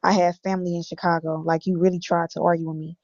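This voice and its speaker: Low, flat-voiced woman reading texts. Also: fast talker, dry recording. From Illinois. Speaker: guest recounting text messages. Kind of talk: reading text messages aloud on a stream. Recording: dull lo-fi audio.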